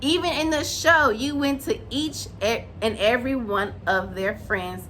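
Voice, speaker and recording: A woman giving an animated, opinionated recap of a reality show and acting out what the cast said. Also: fairly high pitch, measured pace, a little hiss or hum. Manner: animated, opinionated, acts out quotes. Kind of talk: casual recap and commentary.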